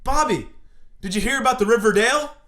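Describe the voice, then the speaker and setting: Guy putting on a high squeaky excited tv drama dude, all eager and shouty. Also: fairly quick, roomy sound, full character voice. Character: excited young man in a TV drama scene.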